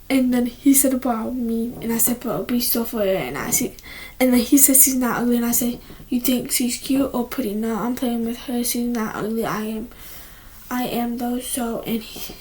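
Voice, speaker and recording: Rambling teenage girl, slightly high voice. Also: darkish tone, a little hiss or hum. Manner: rambling, with many restarts, often dropping to a whisper. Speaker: vlogger. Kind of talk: casual chat. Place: at home, indoors.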